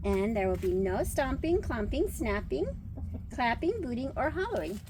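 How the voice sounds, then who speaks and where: A woman's voice: on the high side, sing-song, moderate pace, background noise, voice pushed up. A firm, emphatic farmer, as a woman reads him aloud. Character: stern male farmer laying down rules.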